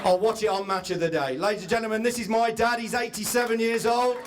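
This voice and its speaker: An English man with a high, steady voice talks fast as he hosts a live event, trading comic stories with the audience and interviewing guests. He comes across as a chatty, funny storyteller on stage, with background noise in the clip.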